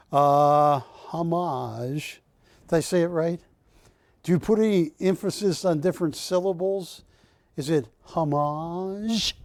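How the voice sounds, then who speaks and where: High-voiced but dark in tone, this man is heard on a dry recording from a TV shopping studio. He's hosting a live home shopping show, delivering a sales pitch that rambles and jokes, and he frequently corrects himself.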